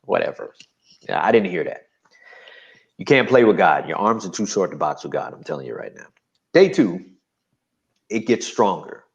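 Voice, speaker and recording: A man's voice: low voice, normal speed, creaky, long pauses, dull audio. A man from New Jersey, a guest giving an emphatic personal testimony in an interview. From New Jersey, USA. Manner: animated, emphatic storytelling.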